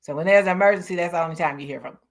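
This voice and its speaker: A woman's voice: fairly low pitch, rapid-fire. A woman in a casual chat, talking freely and laughing easily.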